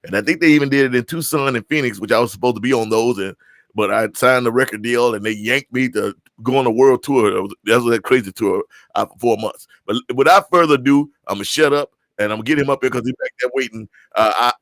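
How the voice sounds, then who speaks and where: A man's voice: mid-range voice, quick pace, a bit bright, dry recording, clean studio sound. A man hosting a live music stream over a video call, chatting loosely and interrupting himself as he introduces his guest. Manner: rambling, chatty, self-interrupting. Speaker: host. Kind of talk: casual livestream hosting.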